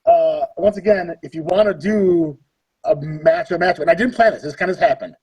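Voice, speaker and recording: A man in his thirties hosts a relaxed livestream chat, his voice a little husky and sitting higher than most men's. He talks in a loose, joking way as he announces each matchup. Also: normal speed, low-quality recording. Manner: jokey, reads out matchups. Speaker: livestream host. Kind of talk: casual chat.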